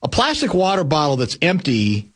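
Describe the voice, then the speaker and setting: A man's voice: a little high, huge pitch swings, moderate pace. A man hosting sports talk radio in casual banter, blunt and sarcastic as he needles his guest. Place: radio studio.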